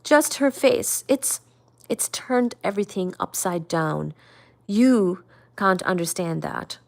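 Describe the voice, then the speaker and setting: A woman's voice: mid-range voice, moderate pace, close to an everyday voice. A woman voicing a troubled, apologetic young man in a novel read aloud, in an earnest, emotional manner. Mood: distraught.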